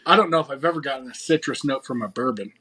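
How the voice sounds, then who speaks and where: A man's voice: medium pitch, fast talker, bright, forceful tone, slight background noise. A man who is a guest on a podcast, chatting casually with dry jokes.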